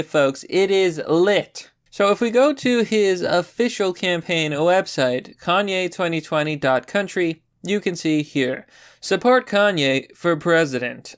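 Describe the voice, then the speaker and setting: A man's voice: high voice, smooth. A man hosting his own channel, giving casual, sarcastic political commentary with jokes and asides. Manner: sarcastic, jokey, animated.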